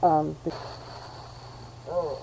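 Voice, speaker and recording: A woman's voice: low voice, level tone, very slow, gravelly, background noise. An American woman from New York State, chatting casually while unboxing art supplies, full of ums and self-deprecating asides. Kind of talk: rambling casual chat.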